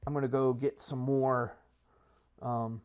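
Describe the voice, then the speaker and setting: Clear and resonant, slightly mellow, this man keeps a level tone and takes it slowly. A Minecraft server player and creator, he rambles through self-mocking gameplay commentary, restarting as he pitches his plans with salesman-style hype.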